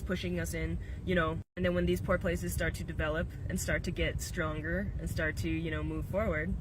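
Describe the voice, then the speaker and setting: A man's voice: a little high, background noise. A man from southern China giving casual commentary, thoughtful and hesitant, with many fillers.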